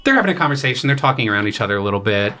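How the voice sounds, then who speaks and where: A young man, a graduate student composer, talks rapidly at a medium pitch about his opera in a relaxed podcast chat, with soft music in the background. He leans heavily on fillers and paraphrased quotes as he explains.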